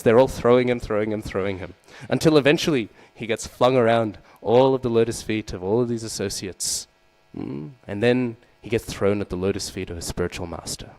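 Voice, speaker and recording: Speaking to a group of listeners in a rough recording, a man with a low, deep voice gives a sermon as part of a scripture class. He tells the story lively, acting out its figures, asks the audience questions, and keeps checking in with "right?" and "hmm?"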